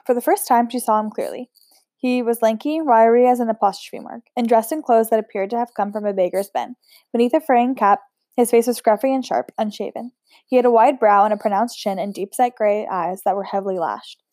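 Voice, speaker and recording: A woman reading a novel aloud in a steady voice, with chatty asides. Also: a little high, a little fast, dry recording, clean studio sound. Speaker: audiobook reader.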